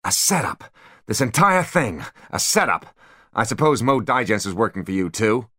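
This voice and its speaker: A man voicing a ruthless older male tycoon villain who rants and shouts in an audiobook. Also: sits low, sing-song, normal speed, no echo, clean studio sound, full character voice. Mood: outraged. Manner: ranting, shouting.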